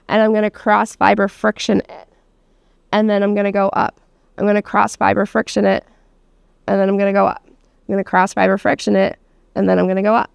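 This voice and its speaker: Teaching the same hands-on massage class, the woman now has a medium-pitched, smooth voice with vocal fry. Her talk is relaxed and full of fillers, laughter and the odd curse, captured at studio quality without any room sound.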